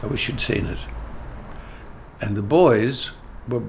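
A man's voice: mid-range voice, slow, gravelly, slight background noise. An older man, a theatre director telling emphatic anecdotes in an interview, often restarting his sentences. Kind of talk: interview conversation.

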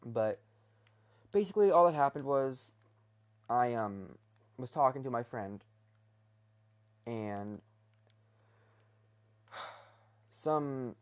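A man's voice: medium pitch, lively intonation, very slow, long pauses. A young man rambling casually in his bedroom, talking hesitantly with many restarts and fillers. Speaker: vlogger.

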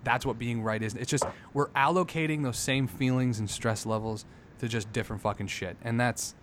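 A man's voice: mid-range voice, normal speed, background noise. Man ranting in profane podcast chat. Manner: emphatic, profane, builds into loud rants.

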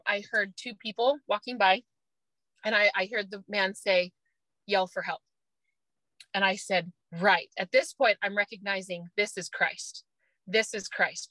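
A woman's voice: a little high, sharp tone, dry recording, rough recording. A woman in her thirties, a mother, telling an emotional personal story with earnest intensity and nervous laughs. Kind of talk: personal testimony.

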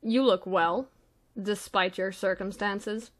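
A woman voicing a calm, manipulative male devil, smooth and quiet. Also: medium pitch, slow, lightly acted. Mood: smooth menace.

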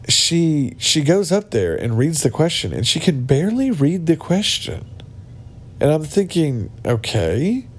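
This medium-pitched male voice has a darkish tone. He's a podcast host delivering a casual, blunt monologue full of ranting and mockery, taped in a cabin shared with others on a mic that isn't his regular podcast one.

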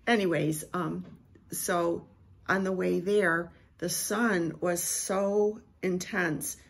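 A middle-aged woman, a Christian prophetic speaker, slowly and reverently reading a prophetic word and sharing a vision. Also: fairly low pitch, steady tone, vocal fry, husky.

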